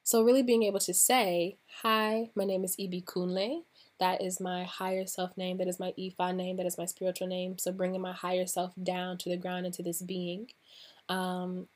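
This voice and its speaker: A woman hosting a casual podcast, talking straight to her listeners in an encouraging, relaxed way, with plenty of "um"s and "like"s. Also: on the low side. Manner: encouraging, speaks directly to listeners; relaxed, with fillers like "um" and "like". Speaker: podcast host and coach.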